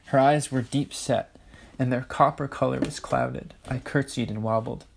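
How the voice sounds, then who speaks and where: A man's voice: medium pitch, steady tone, normal speed, gravelly, slight background noise. A man casually reading a novel aloud, with offhand, jokey asides. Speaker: audiobook reader.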